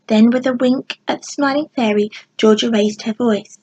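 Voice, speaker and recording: A woman narrating a children's storybook in a gentle, expressive bedtime reading. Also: on the high side, normal speed, hardly any pauses, breathy edge, low-quality recording. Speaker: audiobook narrator.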